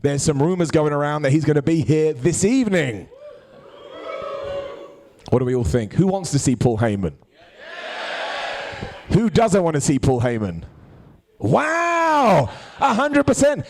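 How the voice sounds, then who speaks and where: Animated, joking man with a gravelly voice. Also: a little high, a little slow, pauses often, background noise. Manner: jokey, animated, bantering with hecklers. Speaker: wrestling show host. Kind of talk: live comedic wrestling review. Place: live stage show.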